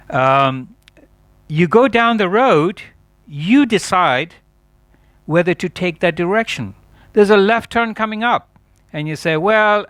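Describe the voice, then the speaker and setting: A man's voice: a little high, fairly bright tone, dry recording. A man giving a chatty, digressive lecture at a yoga festival, laughing often at his own asides.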